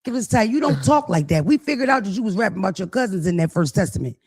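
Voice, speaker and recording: This podcast co-host has a high, sing-song voice that is creaky and slightly rough, and he speaks quickly. His talk is crude comedic chat: he gossips with theatrical flair and mimics the people he mentions in mock voices.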